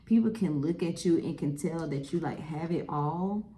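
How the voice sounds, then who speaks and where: A woman's voice: low voice, normal speed, reverberant. Chatty woman doing a tarot reading. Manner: chatty, animated, lots of "okay?" and "y'all". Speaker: tarot reader. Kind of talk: casual tarot reading to camera.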